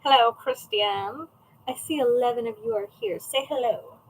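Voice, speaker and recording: A woman's voice: fairly high pitch, normal speed, a little hiss or hum, low-quality recording. A woman in her thirties chatting casually on a livestream from home, rambling and greeting viewers by name as she works at her desk. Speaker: craft shop owner streaming live. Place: at home, indoors. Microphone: camera set up at a desk.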